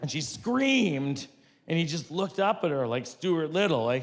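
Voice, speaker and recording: Wry stand-up comedian in a reverberant hall. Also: male voice, a little high, sing-song, a little slow. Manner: wry, conversational, builds to loud punchlines. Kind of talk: stand-up storytelling. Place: theater stage before an audience. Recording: long hall reverb, audience noise.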